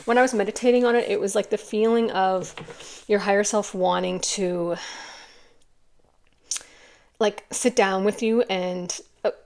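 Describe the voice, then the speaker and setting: Chatty gravelly-voiced woman reading cards. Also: mid-range voice, steady tone, measured pace, long pauses, darkish tone. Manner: chatty and rambling, with many fillers and restarts. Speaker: tarot card reader. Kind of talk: casual intuitive card reading to camera.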